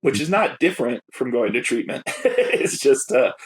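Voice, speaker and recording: A man's voice: mid-range voice, expressive, moderate pace, husky. A man, a guest poet and educator, telling his personal story in a reflective, openly emotional way with self-conscious laughs.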